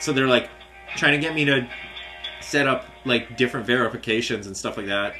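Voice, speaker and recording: A man's voice: medium pitch, steady tone, fairly quick, soft background music. A young man venting angrily in a casual rant, swearing often, restarting his sentences and mocking the people he quotes. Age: young adult. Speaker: vlogger.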